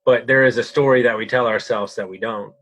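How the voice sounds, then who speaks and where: A man's voice: medium pitch, fairly even intonation, brisk, a bit bright, no echo. A male podcast host who asks questions in an encouraging way and often repeats his words. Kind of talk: conversational interview. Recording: dry, dull lo-fi sound.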